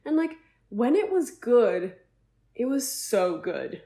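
A woman co-hosting a podcast, chatting casually, jokey and quick to swear. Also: fairly high pitch, very animated, warm tone, reverberant. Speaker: podcast co-host. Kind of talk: casual chat.

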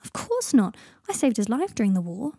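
A woman's voice: a little high, very animated, brisk, dark tone, husky, no room sound, studio quality, heavily acted. A woman voicing an anxious, earnest young man who stammers in a story reading. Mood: flustered. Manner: stammering, flustered.

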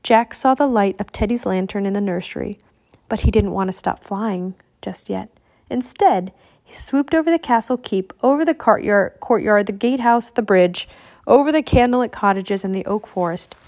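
A woman narrating a children's novel aloud in a steady, expressive storytelling manner. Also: mid-range voice, moderate pace.

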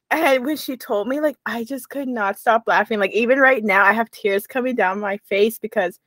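Young woman podcast cohost, kinda high voice, giggly rambly chat, dry close sound. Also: a little fast, few pauses, a bit bright, no echo. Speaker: podcast co-host. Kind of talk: casual chat.

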